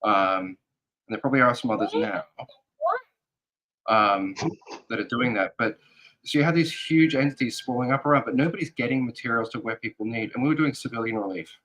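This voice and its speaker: Halting, earnest male interview guest. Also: mid-range voice, fairly bright tone, low-quality recording. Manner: halting, earnest, thinks aloud in fragments. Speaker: guest, security advisor. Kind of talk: casual interview talk.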